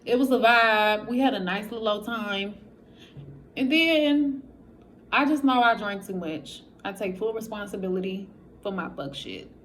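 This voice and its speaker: A woman's voice: mid-range voice, measured pace, a little hiss or hum. A woman telling her personal story straight to her viewers in a candid, profane, casual way, acting out what others said. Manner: animated, acts out quotes of others. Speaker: vlogger.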